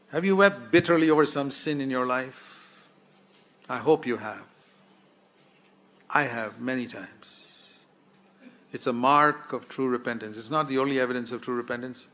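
A man's voice: medium pitch, fairly bright tone. A man preaching a sermon in an earnest, pleading way, putting direct questions to his listeners.

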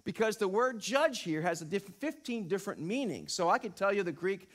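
A middle-aged man preaching a sermon in a church, animated, with emphatic peaks and rhetorical questions. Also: high-pitched, fairly quick. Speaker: pastor. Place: church sanctuary.

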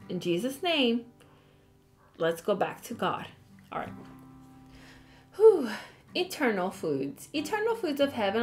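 A woman giving a casual Bible study, reading scripture aloud and adding chatty, apologetic asides. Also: fairly high pitch. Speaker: Bible teacher.

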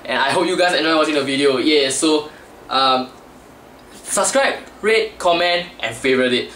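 A man's voice: a little high, moderate pace, a bit bright, slight background noise. A young man chatting casually in a vlog, rambling and losing his train of thought, with a cheeky edge. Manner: rambling, loses track, cheeky. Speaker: student vlogger. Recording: echoey room, mic at a distance.

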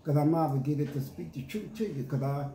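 Brisk and dark-toned, with a voice on the high side, a man preaches a sermon in a church that echoes, faint ambience in the background. As pastor, he reads scripture, draws call-and-response, and emphatically restates passages in casual slang.

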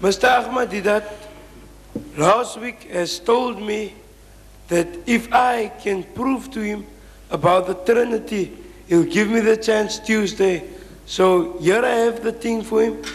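High-voiced man questioning in a humming hall. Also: measured pace. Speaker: audience member asking a question. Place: large lecture hall. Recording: reverberant hall with faint hum.

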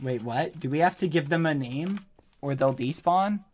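A man live-streaming a game, talking in a pleading, apologetic way with loud exclamations. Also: on the high side, normal speed. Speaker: gaming streamer. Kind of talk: live-streamed gameplay chat.

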